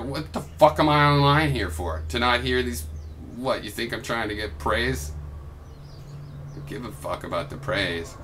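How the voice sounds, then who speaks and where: A man's voice: mid-range voice, moderate pace, pushed and bright, a little hiss or hum. A young adult man recording a heated reply vlog, ranting in a combative, sarcastic and profane way. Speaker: video blogger.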